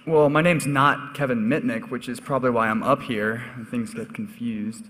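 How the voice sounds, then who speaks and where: Young man, panelist, relaxed self-deprecating storytelling, bright tone, echoey hall. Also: mid-range voice, normal speed. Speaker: conference panelist. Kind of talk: anecdotal storytelling on stage. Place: conference hall stage.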